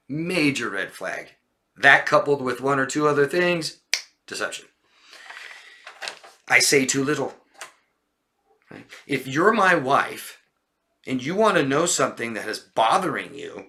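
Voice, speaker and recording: A man with a bright, forward voice explains body language to camera. He talks casually and keeps breaking into short acted lines that show how liars sound. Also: medium pitch, lively intonation, measured pace, pauses often. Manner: demonstrative, acts out liars' lines in a raised voice. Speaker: coach.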